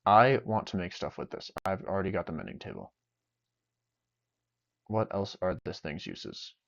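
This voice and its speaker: Deep-voiced young man casually streaming games. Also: big pitch swings, normal speed, gravelly, fairly bright tone. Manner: rambling, joking self-talk. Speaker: game streamer. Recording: dull lo-fi sound.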